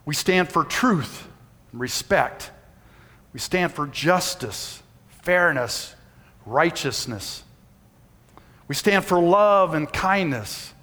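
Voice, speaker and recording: A man's voice: on the high side, expressive, slow pace, long pauses. Man, 60s, pastor, folksy sermon, long hall echo. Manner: folksy storytelling, shouts when reenacting. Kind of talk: sermon with personal story. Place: church sanctuary. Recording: reverberant church hall.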